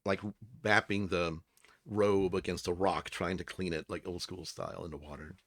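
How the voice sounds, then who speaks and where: A man's voice: deep voice, steady tone, normal speed, a bit bright, dry recording. A man narrating as dungeon master of a tabletop game, loose and chatty with many fillers.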